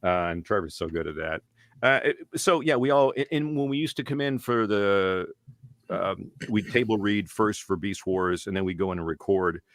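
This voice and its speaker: Animated man telling stories, slightly low. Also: normal speed, dry recording, studio quality. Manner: animated storyteller, slips into character voices. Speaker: voice actor guest. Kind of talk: casual interview.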